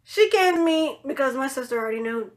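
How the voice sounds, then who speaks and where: A woman telling a personal story in a casual vlog, animated, swearing freely and acting out what other people said. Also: fairly quick. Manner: animated, swearing, acts out quoted voices in higher pitch.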